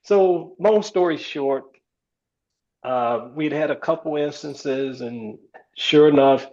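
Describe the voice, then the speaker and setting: Gravelly older man telling stories. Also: a little high, takes it slowly. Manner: relaxed storyteller with many fillers. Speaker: retired baseball player, guest. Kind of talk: storytelling interview. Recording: slightly dull lo-fi sound.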